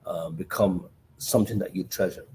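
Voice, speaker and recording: A man hosting a podcast, telling a personal story in a hesitant, halting way. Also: low-pitched, steady tone, a little mellow, a little hiss or hum. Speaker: podcast host. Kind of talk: conversational podcast talk.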